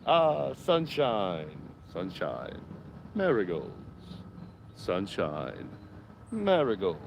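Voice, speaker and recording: A man putting on a hushed golf commentator voice, quiet and drawn out. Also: fairly low pitch, wildly swooping pitch, very slow, creaky, noisy background, full character voice. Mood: hushed awe.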